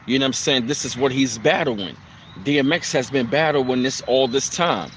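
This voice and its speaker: A man's voice: mid-range voice, normal speed, slight background noise. A man hosting a casual live stream, speaking in a loose, reflective way with plenty of fillers and repeated phrases.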